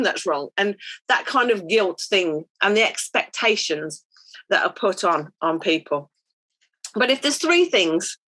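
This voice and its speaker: A woman's voice: mid-range voice, fairly bright tone. Middle-aged woman, chatty church speaker, anecdotal, lots of ums. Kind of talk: devotional talk to mothers.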